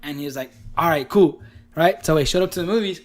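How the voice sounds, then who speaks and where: Young male podcast co-host, rowdy storyteller, slightly high voice, quotes friends in character. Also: rapid-fire. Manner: animated storyteller, acts out quotes, laughs often. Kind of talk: casual storytelling chat.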